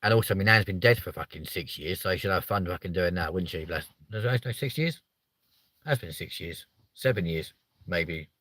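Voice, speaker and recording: A young man hosting a livestream, chatting in a rambling, sweary way that jumps up in pitch when he gets riled. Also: expressive, normal speed, a bit bright, no room sound. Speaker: livestream host. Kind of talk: casual livestream chat.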